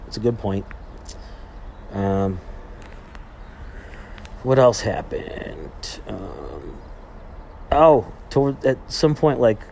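A young man with a low-pitched voice chats through his podcast in a loose, meandering way. He restarts his sentences often and leans on fillers as he goes. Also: big pitch swings, extremely slow, vocal fry, pauses often, warm tone, a little hiss or hum. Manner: rambling, heavy on fillers and restarts. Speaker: podcast host. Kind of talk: casual monologue, retelling a trip.

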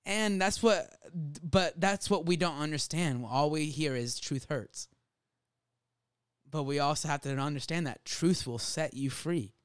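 A man co-hosting a casual faith podcast, animated and laughing, acting out little quoted voices as he talks. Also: fairly high pitch, moderate pace, few pauses, smooth, dry recording, studio quality. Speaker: podcast co-host.

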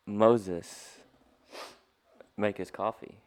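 A man guesting on a podcast, playful and quick to laugh in casual chat. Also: lowish voice, steady tone, clean tone.

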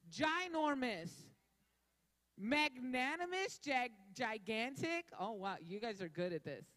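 A woman's voice: sits high, fairly bright tone. A woman leading an interactive sermon, playful and drawing answers from the crowd. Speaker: speaker leading a church audience. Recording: echoey hall.

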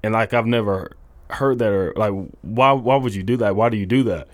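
A young man, a college football coach, telling his faith story in a halting, earnest way full of restarts. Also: on the low side, dry recording. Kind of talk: casual testimony interview.

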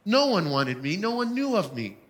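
A man's voice: sits high, big pitch swings, normal speed. A man preaching a sermon, telling his own story with emphatic, heartfelt delivery. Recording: long hall reverb.

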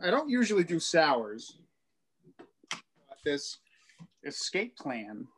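A man's voice: fairly high pitch, sing-song, slow, fairly bright tone, slight background noise. A man as a returning guest on a casual podcast, hesitant and repeating himself. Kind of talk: casual chat.

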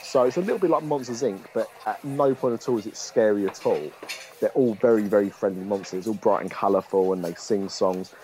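A man's voice: on the low side, a little fast, darkish tone, a little hiss or hum. A young man co-hosting a podcast, talking casually and rambling a little, with plenty of hesitant fillers. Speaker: podcast co-host. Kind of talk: casual chat.

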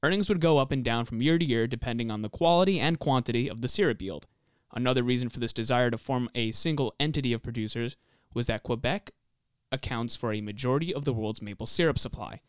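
Smooth-voiced man hosting a chat podcast. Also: medium pitch, fast, no echo, studio quality. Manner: laid-back, swears casually, reads notes smoothly. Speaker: podcast host presenting the researched story. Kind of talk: casual podcast chat and read-out narration.

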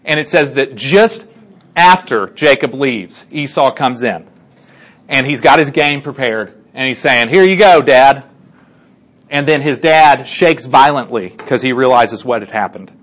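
A man's voice: medium pitch, unhurried, fairly bright tone. A man casually retelling a Bible story to a group, chatty, with many fillers and check-ins. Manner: chatty, lots of fillers and restarts, asks listeners for agreement. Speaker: Bible teacher.

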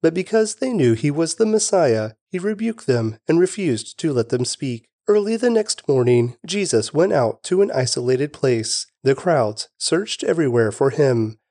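A man giving a steady, expressive scripted reading of scripture. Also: a little high, normal speed, few pauses, no room sound, studio quality. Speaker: scripture reader.

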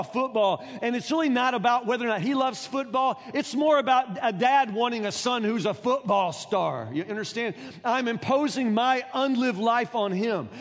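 Preacher guy, kinda high voice, stumbles and repeats words a lot, asks the crowd questions, long echo like a big church. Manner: earnest, stammering repetitions, rhetorical questions to the congregation. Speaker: pastor. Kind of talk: sermon. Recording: long reverb in a large hall.

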